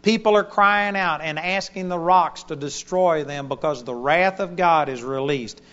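A man preaches to a congregation in an auditorium. His voice sits a little high, and he moves from forceful, loud proclamations to soft, mellow asides. The sound is muffled and lo-fi. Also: measured pace. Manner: emphatic, swings between loud declarations and quiet asides. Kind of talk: sermon.

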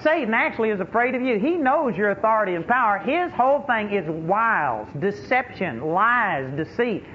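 High pitched preacher guy, folksy and emphatic, laughs a lot, faint hiss behind. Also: sing-song, moderate pace. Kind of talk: sermon with personal stories. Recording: tinny phone-like recording with faint hiss.

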